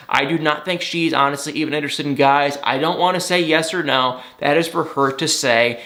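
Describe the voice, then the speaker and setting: A man's voice: a little high, bright, forceful tone. A young man recapping reality TV in an exasperated, sarcastic rant, acting out what people said in mock voices. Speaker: celebrity gossip vlogger.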